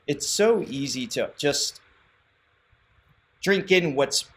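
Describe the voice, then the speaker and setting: A man's voice: fairly high pitch, animated, slow pace, fairly bright tone. A man hosting a reaction show from a remote spot, talking enthusiastically and explaining vocal technique with frequent restarts. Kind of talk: casual reaction commentary. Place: remote, away from his usual setup.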